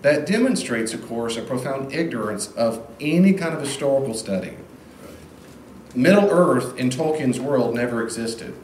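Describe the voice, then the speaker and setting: Animated male Bible teacher in an echoey room. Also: medium pitch, moderate pace, slight background noise. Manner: animated, acts out quoted voices. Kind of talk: informal classroom lecture. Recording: echoey room, faint ambience.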